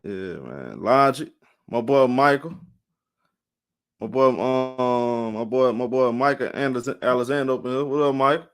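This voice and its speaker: Tired live-stream sports host, rambling. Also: male voice, medium pitch, unhurried, clean tone. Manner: rambling, repeats himself, greets chat viewers by name.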